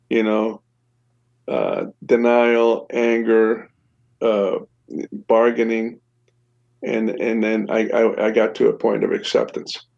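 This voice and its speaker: Gravelly older man, halting storytelling. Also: lowish voice, darkish tone. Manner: halting, many fillers and restarts, laughs wryly. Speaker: podcast guest recounting a shootout. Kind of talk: casual storytelling. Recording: dull lo-fi sound.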